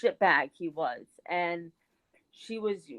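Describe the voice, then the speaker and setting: A woman's voice: lowish voice, lively intonation, slow pace, a bit bright, rough recording. A woman co-hosting a casual chat show, telling a long personal story with many fillers. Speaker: co-host.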